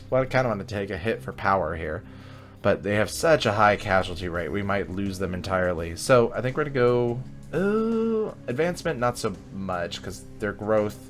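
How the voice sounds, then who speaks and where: A man with a low voice talks through a strategy game, joking and weighing his choices aloud. His delivery is chatty and relaxed. Soft game music plays in the background. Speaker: gaming video host. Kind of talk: let's play commentary.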